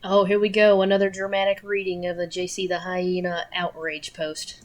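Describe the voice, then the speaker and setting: A woman's voice: fairly low pitch, monotone, normal speed. A woman streamer chatting casually while reacting to a video, echoing lines back.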